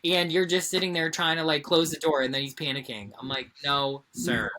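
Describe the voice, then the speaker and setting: A woman co-hosting a podcast, telling a story in casual chat, animated and swearing freely. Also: low-pitched, quick pace. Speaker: podcast co-host.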